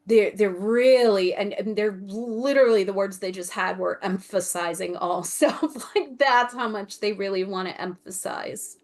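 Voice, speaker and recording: Channeling the Akashic Records during a group video meeting, this woman has a medium-pitched, somewhat mellow voice and speaks at a measured pace with hardly any pauses. She laughs a lot and hunts for words as phrases repeat and trail off into a whisper.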